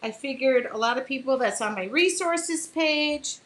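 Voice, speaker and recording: A woman's voice: high-pitched, lively intonation, moderate pace, a bit bright, poor audio. A woman hosting a casual live painting demo, chatting with viewers by name and apologizing for small slips as she works. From Michigan.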